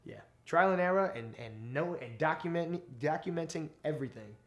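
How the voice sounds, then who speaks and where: Profane New comedian telling stories. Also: male voice, on the high side, normal speed. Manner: animated, profane, acts out quotes. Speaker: stand-up comedian. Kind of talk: casual interview storytelling.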